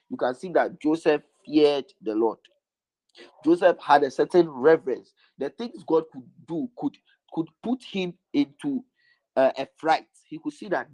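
A man's voice: a little high, animated, measured pace, darkish tone, no echo, low-quality recording. A man preaching a sermon, stressing his points by repeating lines over and over.

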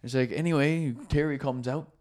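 A man with a Newfoundland accent, a comedian guest on a casual podcast, telling a crude story in an animated way. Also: medium pitch, moderate pace.

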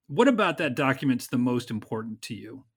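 A man's voice: medium pitch, very animated, fairly quick, breathy edge. Man, interview host, conversational and probing. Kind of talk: casual interview.

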